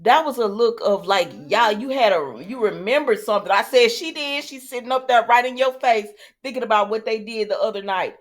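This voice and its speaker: A woman's voice: fairly high pitch, animated, fairly quick, few pauses. A woman casually recapping soap opera scenes in a sassy, chatty way, talking straight to her viewers and acting out the characters' lines.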